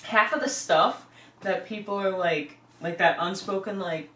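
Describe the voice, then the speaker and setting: A woman's voice: medium pitch, unhurried, recorded from a distance. Rambling young woman, echoey room. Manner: rambling, animated, lots of fillers. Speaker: podcast co-host. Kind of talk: casual chat. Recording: echoey room, away from the mic.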